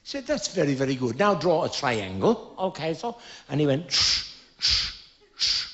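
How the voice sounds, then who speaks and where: Lively Dublin Irish comedian. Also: male voice, fairly high pitch, fairly quick. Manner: lively storyteller, acts out characters in his own voice. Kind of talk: stand-up storytelling. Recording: dull lo-fi live recording.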